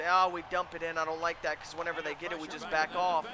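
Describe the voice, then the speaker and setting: A man commentating his own video game, pleading with and yelling at the players in a frantic way, his voice starting to go hoarse. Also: on the high side, level tone, fast talker, background noise. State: voice going hoarse. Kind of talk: excited let's-play commentary.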